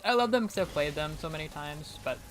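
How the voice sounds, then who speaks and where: A young woman from New England talks through her game stream in a loose, rambling way, full of filler words and easy laughs. Her voice sits low for a woman. A faint background hiss runs under her desk-mic sound. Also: lively intonation, a little fast. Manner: chatty, rambling, heavy on fillers and frequent laughs. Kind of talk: casual gameplay commentary.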